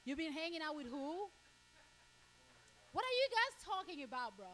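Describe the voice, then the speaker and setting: A woman from Cameroon doing stand-up crowd work, blunt and crude, repeating herself and breaking into shouts. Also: high voice, big pitch swings, moderate pace, a little hiss or hum. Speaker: stand-up comedian.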